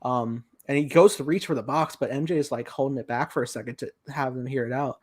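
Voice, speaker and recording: A man hosting a casual movie review podcast, talking excitedly and retelling scenes by quoting lines. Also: medium pitch, fast. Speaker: podcast host.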